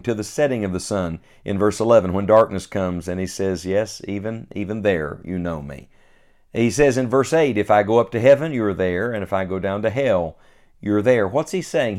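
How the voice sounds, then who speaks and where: A man's voice: fairly low pitch, darkish tone. A man preaching a sermon, reading scripture aloud and then explaining it to his listeners in an earnest, direct way.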